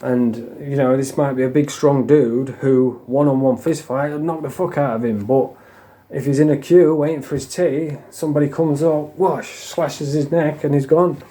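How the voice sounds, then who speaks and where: A man tells stories in a loose, casual way, swearing freely and breaking into a laugh now and then. His voice sits at a middle pitch with a mellow, dark tone. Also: fairly even intonation, moderate pace. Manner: blunt, heavy swearing, laughs while telling. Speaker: storyteller. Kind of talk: casual storytelling.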